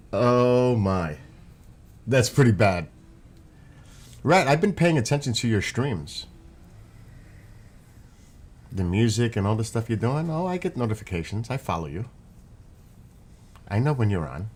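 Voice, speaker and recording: A man's voice: medium pitch, big pitch swings, a little slow, long pauses, a little mellow. A man with a New York accent, chatting casually and rambling to his viewers on a live stream.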